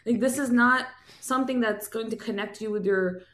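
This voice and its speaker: Animated woman in a roomy echo. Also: on the high side, normal speed, a crowd in the background. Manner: animated, emphatic, exasperated asides. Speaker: podcast co-host. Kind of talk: casual political chat.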